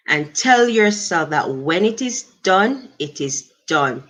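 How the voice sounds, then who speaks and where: A middle-aged Jamaican woman hosting a casual livestream, speaking in an unhurried, reflective way and thanking her viewers. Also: lowish voice, sing-song, fairly bright tone. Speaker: livestream host. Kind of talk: casual livestream talk to chat.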